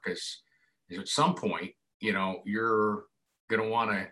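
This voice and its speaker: A man's voice: sits low, measured pace. A man in his forties from upstate New York, chatting casually and acting out the voices in his stories. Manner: animated storyteller, acts out quoted voices. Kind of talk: casual chat.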